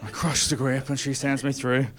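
A man's voice: mid-range voice, little pitch movement, moderate pace. Man doing stand-up to a crowd. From Ireland. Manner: conversational storytelling with punchlines. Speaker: stand-up comedian. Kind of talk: stand-up set on stage. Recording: live venue with crowd. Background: audience laughter.

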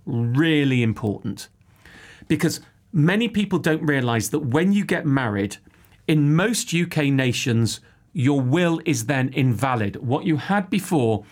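A man with a fairly high, somewhat dark voice hosts a podcast and answers a listener's money question. He's chatty and jokey, explaining at length in a casual Q&A.

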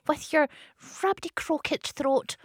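A woman's voice: high voice, unhurried, no room sound. A woman hosting a late-night radio show from a studio, bantering playfully with her co-host. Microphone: studio microphone.

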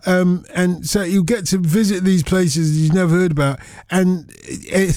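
Playful, chatty man with a high voice. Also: unhurried, few pauses, a little mellow, no echo, studio quality. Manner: chatty and playful, rambling with restarts. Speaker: radio phone-in host. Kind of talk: casual radio chat with callers.

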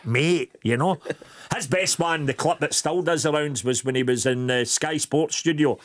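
A man's voice: fairly high pitch, moderate pace. A middle-aged Scottish man co-hosts a radio show, telling stories in easy, chatty banter. He laughs often and keeps things loose and friendly. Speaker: radio co-host.

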